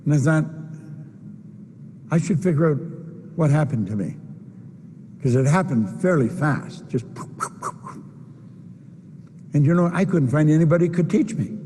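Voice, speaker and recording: A man's voice: on the high side, animated, unhurried, long pauses, mellow, a little hiss or hum. An older man giving a motivational keynote at a convention, speaking emphatically and repeating his key phrases. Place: convention hall stage. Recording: long reverb of a large hall.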